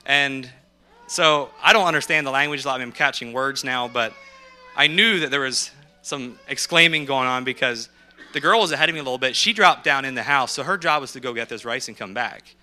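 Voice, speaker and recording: A man speaking from a podium as a missionary, telling lively anecdotes and acting out what people said. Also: medium pitch, brisk. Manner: lively anecdotal storyteller who acts out quotes. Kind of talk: storytelling sermon.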